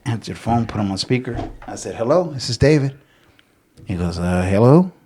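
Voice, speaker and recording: A middle-aged man from San Antonio, a podcast guest, telling animated stories in casual chat, acting out quotes and swearing freely. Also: medium pitch, a little fast, breathy edge. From San Antonio, Texas. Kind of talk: casual storytelling.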